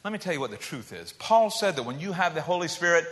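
High, bright-voiced preaching man. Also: big pitch swings, fast. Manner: dramatic, swings between loud emphatic calls and hushed low asides. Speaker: pastor. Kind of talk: sermon. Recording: long hall reverb.

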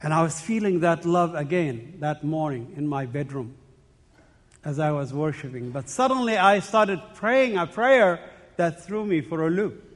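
A middle-aged man gives an earnest, emotional faith testimony at church, often repeating himself and restarting phrases. His voice is on the high side, animated and unhurried, and the recording has a long hall reverb.

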